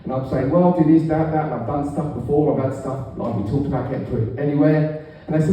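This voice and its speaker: A middle-aged man doing a stand-up routine, telling stories in a deadpan way with raunchy punchlines, on a comedy club stage. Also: fairly high pitch, fast. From England. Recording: echoey room, far from the mic.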